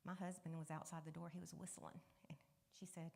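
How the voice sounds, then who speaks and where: A woman speaks candidly to a congregation, telling her own story in a conversational way. Her voice sits on the low side, and at hard moments it sinks almost to a whisper. The church hall adds a long, ringing reverb. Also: little pitch movement, a little fast, creaky, darkish tone. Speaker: guest speaker sharing a testimony. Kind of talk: personal testimony to a congregation. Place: church sanctuary.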